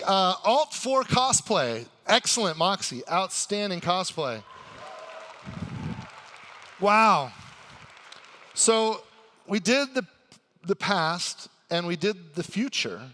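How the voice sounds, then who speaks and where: A man hosting a live convention stage show, excitable and hype-building, sometimes bursting into shouts to the audience. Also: sits high, takes it slowly, long pauses, long reverb tail, some chatter behind. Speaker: stage host.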